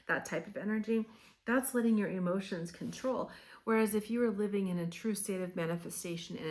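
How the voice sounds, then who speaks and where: A woman giving a casual tarot reading, talking in a loose conversational way with many fillers, encouraging the listener. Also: lowish voice. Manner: encouraging, coaching tone. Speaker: tarot reader.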